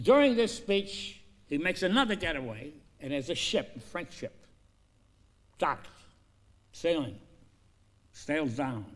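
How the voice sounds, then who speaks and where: A man pitching a film story, acting out the characters' lines and swinging between loud and hushed delivery. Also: big pitch swings, measured pace, pauses often.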